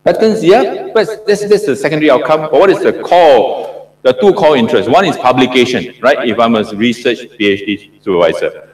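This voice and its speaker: Recorded on a distant mic in an echoey lecture hall, a middle-aged Singaporean professor lectures on PhD supervision in a mid-range, expressive voice at a fairly quick pace. He regularly poses questions to the audience and repeats himself for emphasis.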